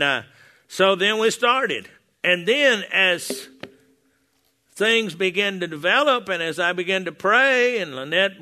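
In a church hall before the congregation, an older pastor wearing a lapel mic preaches through folksy stories full of restarts. His voice is high-pitched with a sharp tone.

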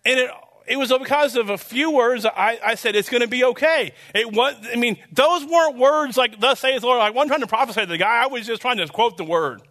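Pastor, male, unusually high and bright voice; loose, earnest sermon delivery with lots of restarts, rising into firm declarations. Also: fairly quick. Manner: rambling and earnest, many restarts and fillers; builds to emphatic declarations. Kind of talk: conversational sermon.

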